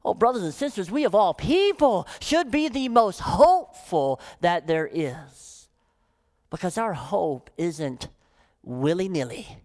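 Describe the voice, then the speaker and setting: A woman pastor preaching a sermon, emphatic, often dropping into soft, low phrases for weight. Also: animated, slow pace.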